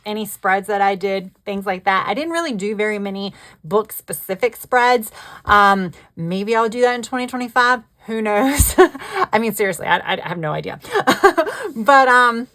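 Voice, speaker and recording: A woman's voice: mid-range voice, a bit bright. A woman chatting casually about her reading, laughing often and trailing off mid-thought. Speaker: book vlogger. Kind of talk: casual chat.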